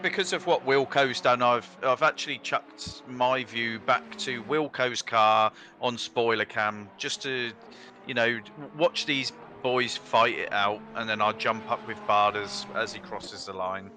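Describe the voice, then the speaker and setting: A man co-commentating a sim race in a laid-back, halting way. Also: medium pitch, fairly even intonation, pushed and bright, slight background noise. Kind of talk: live sim racing commentary.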